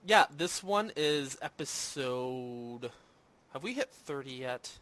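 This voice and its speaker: At his home in Minnesota, a man hosts a laid-back podcast about movies and games, rambling casually and poking fun at himself with plenty of fillers. His mid-range voice is fairly bright, with lively intonation and a slow pace.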